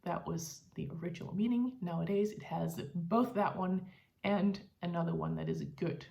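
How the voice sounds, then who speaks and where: A woman's voice: fairly low pitch, moderate pace, creaky, dark tone. A woman with a Danish accent explains words patiently, as a teacher giving an online language lesson. Her tone is friendly and she often slips in a light laugh as she talks.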